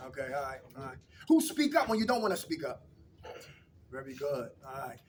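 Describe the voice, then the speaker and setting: A man's voice: medium pitch, very animated, a little fast, far from the mic, a little hiss or hum. A man leading a recovery meeting, coaching the group with call-and-response questions.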